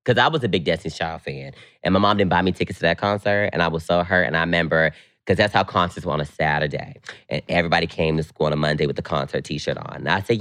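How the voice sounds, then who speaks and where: A very low-voiced man co-hosting a podcast, telling stories in casual, slang-filled chat. His voice leaps up high whenever he gets excited, and the recording is dry and close. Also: fast, no echo. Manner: animated, slangy storytelling, leaps up in pitch when excited. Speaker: podcast co-host.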